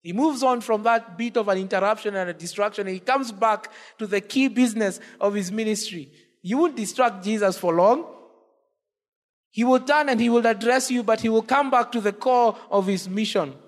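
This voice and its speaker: A man with a high voice preaches an impassioned sermon from the pulpit. His voice rings with the long reverb of a church hall, and it climbs on repeated cries. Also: moderate pace. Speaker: pastor.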